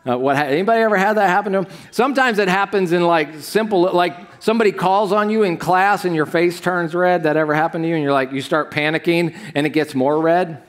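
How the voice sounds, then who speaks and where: Animated, chatty man preaching a sermon. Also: high-pitched, quick pace, hardly any pauses. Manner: conversational, animated preaching with asides to the congregation. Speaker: pastor. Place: church sanctuary stage.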